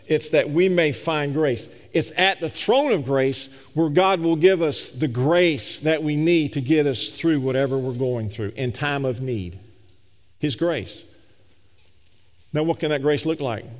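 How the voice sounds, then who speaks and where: A man preaching a sermon, swinging between emphatic raised peaks and slow, low scripture reading. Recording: long reverb of a large hall.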